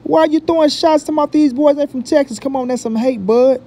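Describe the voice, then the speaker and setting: A man hosting a boxing vlog talks in a high but dark, mellow voice. He repeats his points emphatically and drops profane street slang. Faint noise sits behind him. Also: a little fast. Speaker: boxing commentary vlogger. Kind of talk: casual opinion talk.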